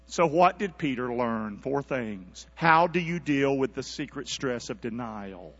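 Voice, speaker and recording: A man preaching a sermon, calling out to the congregation and swinging from near-whispers to shouts. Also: medium pitch, very animated, unhurried, few pauses, long reverb tail, lo-fi sound. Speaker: pastor. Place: church sanctuary.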